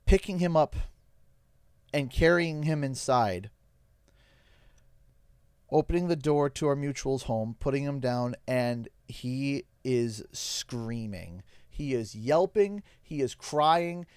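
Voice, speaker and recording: Young canadian guy on stream, choked up and halting, dry close mic. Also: medium pitch, darkish tone, smooth, no room sound. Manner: halting, emotional, pausing often. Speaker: livestream host. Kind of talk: emotional storytelling on a game stream.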